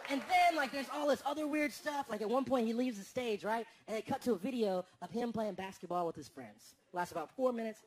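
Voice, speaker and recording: A man doing stand-up comedy, animated and acting out the voices of his friends. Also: extremely high pitch, a little fast, hardly any pauses, a little hiss or hum. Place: large theater with a live audience. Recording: live stage recording with a crowd. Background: audience laughter.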